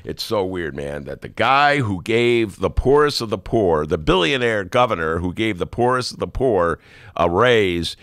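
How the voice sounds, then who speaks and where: Host: middle-aged man, gravelly, low, lively swings, sarcastic riffs. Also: moderate pace, no echo, studio quality. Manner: wry, sarcastic, rambling with asides. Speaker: podcast host. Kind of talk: casual political commentary.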